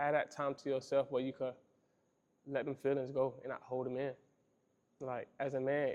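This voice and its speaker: A man's voice: mid-range voice, darkish tone. A young man hosting a podcast, speaking earnestly and casually about men's feelings, often repeating himself and calling the listener "bro". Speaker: podcast host. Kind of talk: reflective monologue on men's feelings.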